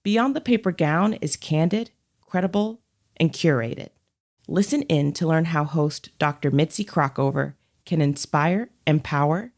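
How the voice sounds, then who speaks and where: A woman producer reading a scripted promo for another podcast, measured and emphatic. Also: low voice, a little mellow.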